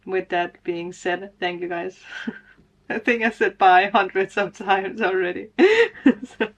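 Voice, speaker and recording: A woman's voice: mid-range voice, steady tone, a little slow. A woman doing a casual tarot reading vlog for her viewers, talking to them directly, emotional and laughing often. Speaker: spiritual tarot reader.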